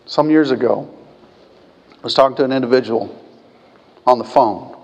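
A man preaching a sermon as pastor, swinging between quiet conversational asides and loud, emphatic peaks. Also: mid-range voice, normal speed, vocal fry, husky. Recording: long hall reverb.

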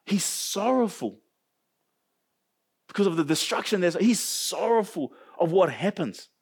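A man with a New Zealand accent preaching a sermon as pastor, animated and jokey, talking straight to his congregation. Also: sits high, measured pace, husky. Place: church service.

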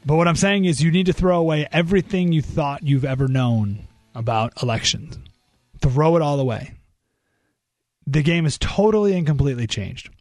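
A man hosting a talk radio monologue. He speaks in a fairly high, animated voice that jumps into exclamations. The sound is dry and close on a studio microphone. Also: moderate pace, no room sound, faint music behind. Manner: animated, exclamatory, thinking aloud with restarts. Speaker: radio talk show host.

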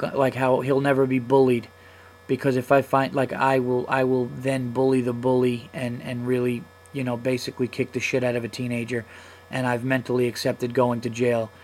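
A man's voice: medium pitch, rough recording. A man in his thirties hosting a comedy podcast, telling a long story in a casual, profane, heated way. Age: 30s. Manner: profane, heated, animated retelling.

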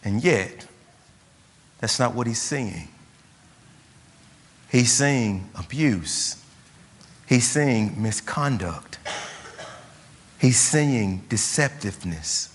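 A man's voice: medium pitch, expressive, drawn-out words, pauses often, slight background noise. A man preaching a sermon as a pastor, driving his points home with rhetorical questions and emphatic repetition. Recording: long hall reverb.

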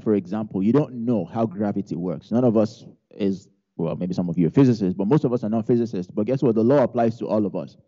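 A male pastor preaching a sermon in a low, deep, mellow voice. He drives his points home through repetition and lightens them with funny personal anecdotes. The recording sounds dull and lo-fi. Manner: preaching with humorous personal stories; emphatic repetition of key phrases.

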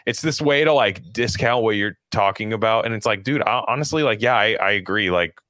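Lowish-voiced guy ranting on a podcast, swears a lot, keeps restarting, dead dry sound. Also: a little fast, sharp tone, no echo. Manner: rambling, profane, many restarts and fillers. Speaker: podcast co-host. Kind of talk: casual political chat.

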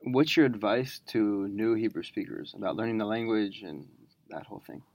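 A host asking quick, teasing questions in a casual interview. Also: mid-range voice, a little mellow, no room sound. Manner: teasing, rapid-fire questions.

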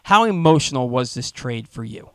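Male sports radio host, animated and stumbling, dry close studio mic. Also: medium pitch, normal speed, no room sound. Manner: animated, stumbles over words.

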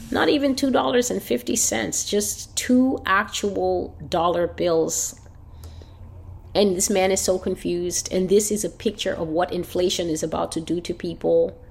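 A woman delivering a fervent prophetic sermon on a prayer call, repeating phrases for emphasis. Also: on the low side. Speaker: prophetic preacher. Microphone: phone line.

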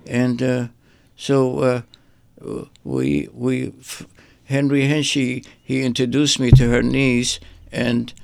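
An older man speaks with a gravelly, rough edge and a flat, even delivery. He recalls his life in a halting, meandering way, often repeating a word before moving on. The recording is dry and close. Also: mid-range voice, dry recording. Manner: halting, repeats words while searching for them. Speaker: artist guest. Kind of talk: rambling personal reminiscence.

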